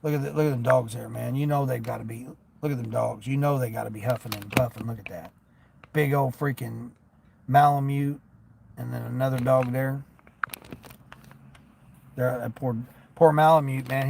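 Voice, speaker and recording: A man's voice: mid-range voice, vocal fry, a little mellow, a little hiss or hum. A man streaming live while doing delivery driving, chatting in a rambling, folksy way and turning down orders aloud. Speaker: delivery driver livestreamer.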